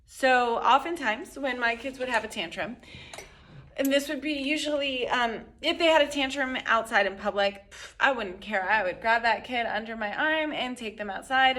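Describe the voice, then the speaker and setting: A middle-aged woman teaching parents how to handle tantrums in a conversational way, sometimes acting out quotes. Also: fairly high pitch. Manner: conversational, acts out quotes with animated voices. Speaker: parenting coach. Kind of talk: instructional talk to camera.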